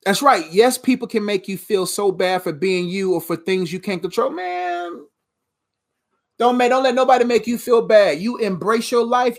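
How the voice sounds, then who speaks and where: Emphatic woman preaching faith to camera. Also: fairly high pitch. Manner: emphatic, repetitive, conversational, laughs at own jokes. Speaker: motivational speaker.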